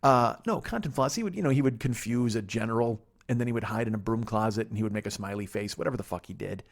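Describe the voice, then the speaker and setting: A man's voice: on the low side, quick pace, creaky. A man hosting a solo comedy podcast, rambling and profane, with a sarcastic edge. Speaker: podcast host. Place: seated at a table.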